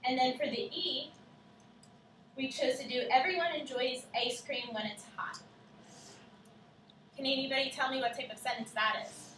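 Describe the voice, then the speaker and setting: A woman co-teaching a class, explaining clearly step by step and asking the children questions. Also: high voice, steady tone, normal speed, pauses often, a bit bright, slight background noise. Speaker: student teacher. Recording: echoey classroom from far off.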